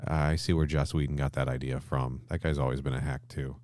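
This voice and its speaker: A very deep-voiced man recaps a story on a podcast, lively and loose, jumping into characters' lines as he goes. His voice is close and dry, with no room sound around it. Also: fairly quick, dry recording. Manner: animated retelling, acts out character lines, swears casually. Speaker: podcast host. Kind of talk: casual chat recapping a story.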